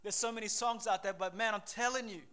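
A young man preaching a sermon in an energetic, conversational and emphatic way. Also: high-pitched, fast talker, clean tone.

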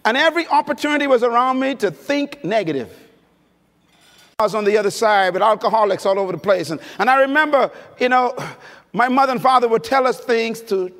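A man with a very high-pitched, fairly bright voice delivers an emphatic sermon at a conference, telling stories and drawing his audience in with questions. He is a preacher speaking in a large conference hall, and the recording carries that space's long reverb.

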